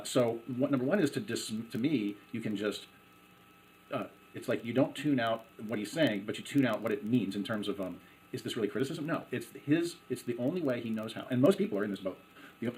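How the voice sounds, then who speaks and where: A man's voice: medium pitch, fast, a little mellow, slight background noise, low-quality recording. A man interviewing and coaching a guest, probing with questions and murmuring agreement often. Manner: probing, with frequent backchannel murmurs. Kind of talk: conversational interview.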